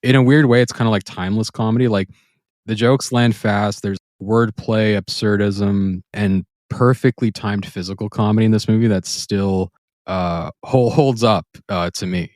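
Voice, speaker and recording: Laughing man, low voice, casual film chat. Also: steady tone, normal speed, darkish tone, no room sound, studio quality. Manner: enthusiastic, laughs often, acts out quoted lines in high voices. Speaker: podcast co-host.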